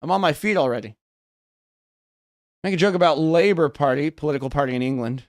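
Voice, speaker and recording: A man's voice: fairly high pitch, a little fast, no echo, clean studio sound. A young man with a West Coast American accent chatting casually on a livestream, rambling, swearing and thinking aloud as he reads chat. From United States. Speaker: streamer.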